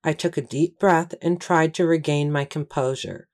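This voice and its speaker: A woman with a low voice reads a first-person story aloud as an audiobook narrator. Her delivery is steady and measured, keeping an even storytelling pace.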